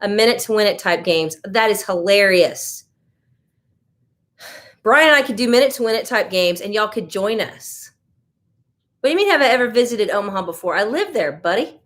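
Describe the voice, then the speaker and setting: A woman's voice: on the high side, animated, normal speed, long pauses, a bit bright. An American woman hosting a casual live stream, chatting loosely and reacting to viewer comments as she goes. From United States. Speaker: livestream host.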